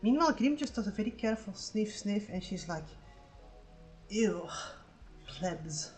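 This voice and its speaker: A woman livestreaming while drawing, telling a sarcastic, swear-filled story in a casual, animated way. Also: mid-range voice, quick pace, faint music behind, low-quality recording. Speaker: livestreaming artist.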